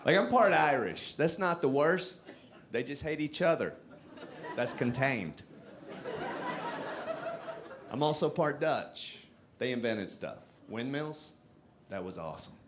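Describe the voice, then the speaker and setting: A man from Texas doing a stand-up comedy set on a club stage into a handheld mic, with self-mocking, animated delivery. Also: mid-range voice, slow, pauses often, a little hiss or hum.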